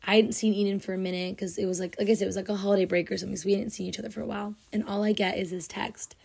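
A young woman talks through her solo podcast in an easy, chatty way. She gushes and fills her sentences with "like". Her voice sits at a middle pitch and sounds teary, as if she is close to crying. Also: steady tone, racing, vocal fry, darkish tone, husky. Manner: gushing, heavy use of "like", emotional and teary. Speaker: podcast host. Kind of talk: casual solo podcast chat.

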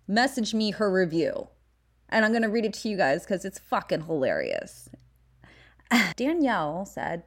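A woman's voice: mid-range voice, big pitch swings, normal speed. A young woman from the San Fernando Valley with a Valley Girl accent, hosting a podcast in casual, candid, profane chat. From San Fernando Valley, California. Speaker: podcast host.

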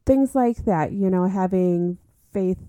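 Woman, 30s, podcast guest; mellow, lowish voice, earnest and chatty. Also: takes it slowly, dry recording. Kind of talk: casual chat.

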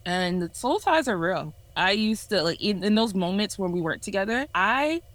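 A young woman in her twenties tells her personal testimony in a candid, earnest voice. She sits at a middle pitch and reflects openly. The sound is dry and close to the mic. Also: very animated, normal speed, fairly bright tone, no room sound, rough recording. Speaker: ministry leader sharing a testimony.

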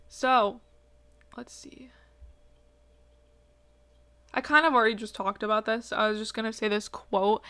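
A woman's voice: medium pitch, a bit bright. A young woman hosting her own podcast, talking about relationships in a rambling, emotional way with lots of fillers and swearing, tearful at times. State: tearful, crying. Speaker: podcast host. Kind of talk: casual personal podcast monologue.

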